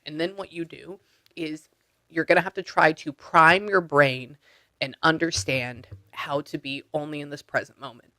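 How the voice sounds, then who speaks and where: Blunt, bright-voiced man coaching over a call. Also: on the high side, fairly even intonation, moderate pace, no room sound. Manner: blunt, casual, coaching step by step; swears freely. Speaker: spiritual medium. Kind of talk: one-on-one session over video call. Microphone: video call.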